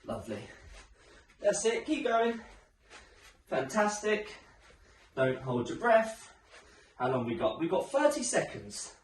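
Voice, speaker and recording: Leading a home workout class, this male instructor is upbeat, encouraging and chatty, though a little out of breath. His high voice swoops wildly in pitch, and he speaks slowly with long pauses. The mic sits some distance away in an echoey room, picking up slight background noise.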